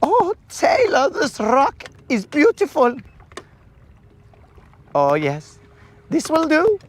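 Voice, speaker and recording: A man putting on a fussy, flamboyant male wedding planner with a Southern accent, high and theatrical. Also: huge pitch swings, slow, heavily acted. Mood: gushing. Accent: Southern US, put on.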